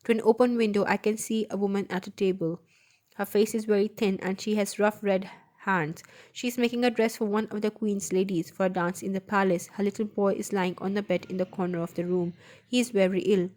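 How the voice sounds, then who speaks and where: A woman reading the lines of a sorrowful young prince statue in a storybook, gentle and pleading. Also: mid-range voice, steady tone, brisk, natural voice.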